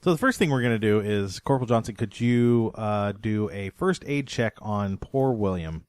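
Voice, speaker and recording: A man's voice: lowish voice, animated, darkish tone, clear, resonant tone, no room sound, clean studio sound. A man running a tabletop game as game master, talking casually and hesitantly, with many fillers and restarts. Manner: halting, full of fillers and restarts.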